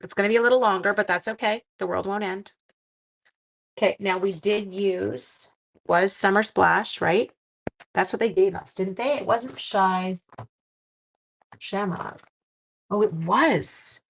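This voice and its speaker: A woman's voice: mid-range voice, steady tone, measured pace, gravelly, long pauses. A middle-aged woman hosting a live stream, chatting casually with viewers and reading their comments while she makes cards. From Canada. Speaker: live-stream crafting host.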